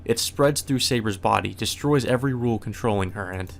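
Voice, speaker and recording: A man's voice: on the low side, brisk, gravelly. A man hosting a let's play, reading a visual novel's narration aloud and breaking in with casual swearing asides.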